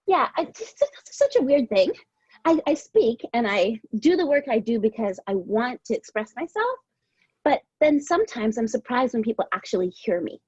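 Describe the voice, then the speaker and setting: A woman's voice: a little high, sing-song, moderate pace, a little mellow, breathy edge, no echo. A woman guest on a podcast in a heartfelt, casual conversation, gushing with thanks, using lots of fillers and repeating herself. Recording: dull, dry lo-fi audio.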